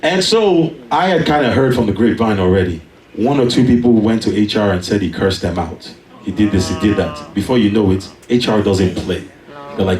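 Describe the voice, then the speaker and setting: A man preaching a sermon, telling a personal story with animated delivery and emphatic peaks. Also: fairly low pitch, moderate pace, echoey room, recorded from a distance, poor audio. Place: church.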